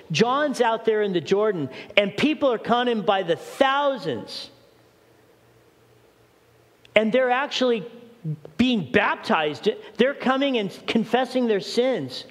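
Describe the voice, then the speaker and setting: A man's voice: very high-pitched, lively intonation, measured pace. A middle-aged man preaching a sermon as pastor, urgent and questioning the congregation directly. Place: church hall. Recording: long church hall reverb.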